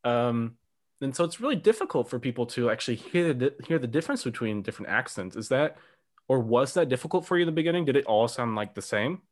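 A man hosting a podcast, with a voice of ordinary pitch. He asks his questions in a relaxed, curious way and sprinkles his talk with "um" and light laughs. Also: quick pace. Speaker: podcast host. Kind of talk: casual interview chat.

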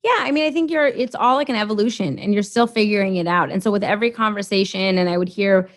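Woman in her 30s on a podcast, rambly and animated, lots of likes and you-knows, pretty average pitch, dead dry close mic. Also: fast talker, dry recording. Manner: chatty, animated storytelling, many fillers. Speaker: guest, former lawyer. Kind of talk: casual podcast conversation.

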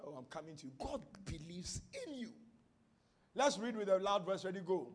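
A Ghanaian pastor preaches in a high-pitched voice with big swings in pitch, speaking at normal speed. He teaches from scripture, then builds from quiet instruction up to shouted, fervent prophetic declarations.

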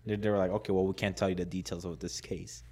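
A man's voice: low-pitched, flat delivery, fast, warm tone. Rambling casual man telling a story. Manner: rambling, many "like"s, laughs a lot, acts out quotes. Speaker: podcast co-host.

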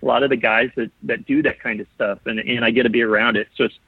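A husky-voiced man from Ohio, in his forties, chats as a podcast guest over a tinny, phone-like line. His voice sounds dry and close. He tells his stories eagerly and restarts his sentences again and again. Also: medium pitch, steady tone, fast, no room sound. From Ohio, USA. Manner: eager storytelling with frequent restarts. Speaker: podcast guest, model builder. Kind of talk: casual interview chat. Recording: tinny phone-like call audio.

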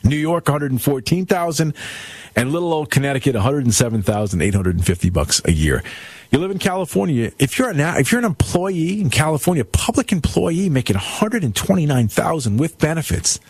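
Rambling talk radio host, dry sound. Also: male voice, a little high, sing-song, a little fast, darkish tone, slightly rough, no echo. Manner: rambling, searching for words, many fillers. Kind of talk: casual rip-and-read talk.

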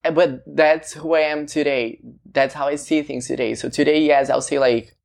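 A man, a singer, talking personally to the camera about his debut album. He speaks haltingly, searching for words and often asking "you know?". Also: on the high side, fairly even intonation, gravelly.

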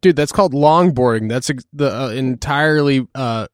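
Man, podcast co-host, teasing, slangy, smooth voice, dry mic. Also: medium pitch, normal speed, dry recording. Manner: teasing, laid-back "dude" talk. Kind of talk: casual chat.

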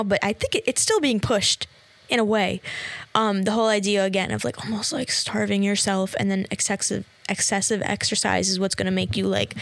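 A woman's voice: medium pitch, no echo. Young woman from new york rambling about the gym, lots of "like", dead dry close mic sound. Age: young adult. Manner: chatty, filler-heavy, lots of "like". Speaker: podcast host and fitness trainer. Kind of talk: casual solo podcast chat. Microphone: close podcast mic.

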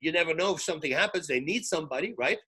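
A man, a retired fighter turned commentator, telling animated stories as a podcast guest and acting out the dialogue. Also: a little high, rapid-fire, slightly rough. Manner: excitable, acts out quoted dialogue, frequent restarts. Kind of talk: animated storytelling in casual chat.

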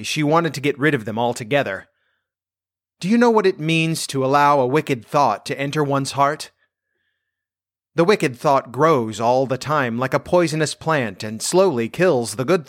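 Male storyteller, mid-pitched voice, gentle fairy-tale reading, dry close recording. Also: no echo. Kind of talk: fairy tale read aloud.

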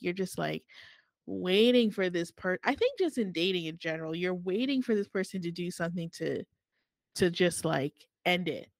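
A woman's voice: on the low side, no room sound. Chatty woman retelling a story. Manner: chatty, animated retelling with quoted voices. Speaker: book podcast co-host. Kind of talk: casual book chat.

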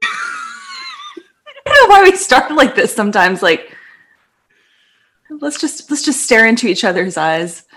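A woman's voice: high-pitched, wildly swooping pitch, slow, long pauses, a bit bright, raised voice. A woman co-hosting a podcast, chatting casually in a giggly, rambling way. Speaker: podcast co-host. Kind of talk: casual chat. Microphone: podcast studio microphone.

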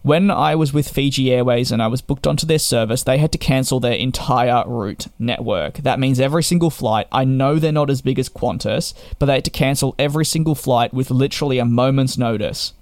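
A man's voice: mid-range voice, fairly quick, hardly any pauses, a little mellow, no room sound, clean studio sound. A young man tells a frustrated storytime rant to camera. He sounds exasperated and sarcastic. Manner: exasperated and sarcastic, with repeated restarts. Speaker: travel vlogger.

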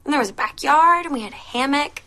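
A woman's voice: sits high, expressive, quick pace, heavily acted. A patient young mother. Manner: storytelling to a child, gently insistent. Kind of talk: film dialogue.

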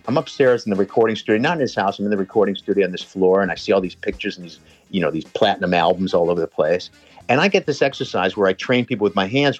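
Animated swearing man telling stories. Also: lowish voice, husky, dry recording, lo-fi sound. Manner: animated, swearing, lively anecdotal storyteller. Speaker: personal trainer telling a story. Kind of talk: casual storytelling chat.

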